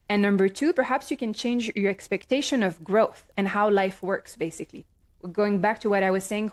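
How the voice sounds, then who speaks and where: A middle-aged woman speaks as a life coach in a casual, reflective advice talk. Her voice sits at an ordinary middle pitch, and she pauses often, checking in with her listener in a gentle way. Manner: gentle, reflective, many "right?" and "um" fillers.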